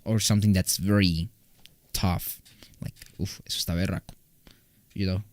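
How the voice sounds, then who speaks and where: A young man from Colombia talks loosely to his stream chat from his home recording room, joking and circling back on his own sentences. His voice sits on the low side. The sound is dry, with no room echo. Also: little pitch movement, normal speed, darkish tone. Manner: rambling, loose and joking, with frequent restarts. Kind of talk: casual live-stream chat.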